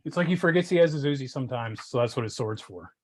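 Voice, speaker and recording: Man with deadpan sarcastic quips. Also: mid-range voice, fast. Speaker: guest reviewer. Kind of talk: casual comic book review chat.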